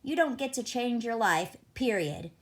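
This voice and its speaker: Woman narrating a novel, slightly high voice. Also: lively intonation, a little slow. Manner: conversational, wry, reflective reading. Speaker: audiobook reader. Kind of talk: first-person novel narration.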